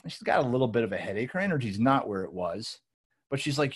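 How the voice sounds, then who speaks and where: A man giving an energetic talk to a live audience, telling stories with acted-out quotes and lots of restarts. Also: mid-range voice, quick pace, breathy edge. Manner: animated storytelling with acted-out quotes and many restarts. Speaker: weight loss coach presenter.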